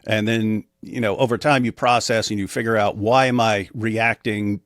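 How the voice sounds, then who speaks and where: A man's voice: lowish voice, steady tone, normal speed, dry recording, studio quality. A man as an interview guest, telling a personal story in a matter-of-fact way with frequent restarts. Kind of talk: casual storytelling in conversation.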